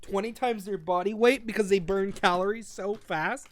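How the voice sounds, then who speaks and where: A man's voice: sits high, normal speed. A man co-hosting a podcast, retelling a book in a rambling, casual way, swearing freely and restarting his sentences. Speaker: podcast co-host. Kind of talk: casual book recap chat.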